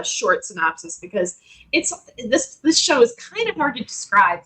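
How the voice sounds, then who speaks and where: Brief: American woman podcast co-host, slightly high pitch, easygoing and affirming. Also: a bit bright, poor audio. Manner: affirming, reads synopsis, chuckles. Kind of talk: casual chat.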